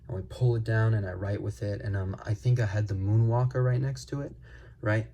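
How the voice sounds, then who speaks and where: A man casually reviewing a pen on camera, rambling and excited, full of fillers and gushing exclamations. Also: fairly low pitch, fairly quick. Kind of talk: casual unscripted product review. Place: at a desk.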